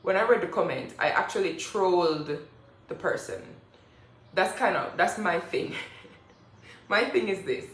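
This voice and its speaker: A young woman talks straight to camera, blunt and forceful, pressing her points again and again. Her voice sits fairly low. The room around her gives a noticeable echo. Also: expressive, a little slow, pauses often. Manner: blunt, emphatic, lecturing. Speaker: personal finance vlogger. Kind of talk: direct-to-camera motivational talk. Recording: echoey room.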